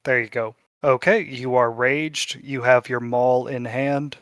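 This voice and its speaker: A man's voice: mid-range voice, steady tone, a little slow, fairly bright tone, no echo, studio quality. A man running a tabletop game as game master, narrating in a casual style and swearing freely.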